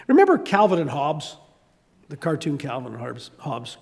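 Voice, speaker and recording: Preaching in a large hall, an older Southern US pastor speaks in a slightly high, creaky voice at a moderate pace. His sermon is animated storytelling, complete with acted-out voices.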